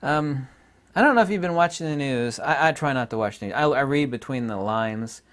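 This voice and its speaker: A man's voice: medium pitch, brisk, a bit bright. A man talking casually to camera in his vlog, sarcastic and rambling, often laughing at his own remarks. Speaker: YouTube vlogger.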